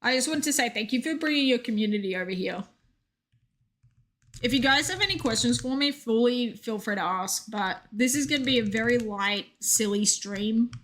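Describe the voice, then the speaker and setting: A woman's voice: a little high, lively intonation, moderate pace, fairly bright tone. A young woman streaming a game, chatting casually and reading out chat with joking asides.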